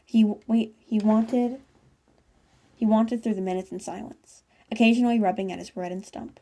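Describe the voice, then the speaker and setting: A woman reads a piece of fan fiction aloud, casual and unpolished, often stumbling and fixing her words. Her voice has a gravelly, creaky texture and a mellow, dark tone. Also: mid-range voice, steady tone, moderate pace. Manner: casual, with stumbles and self-corrections. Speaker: fanfiction reader.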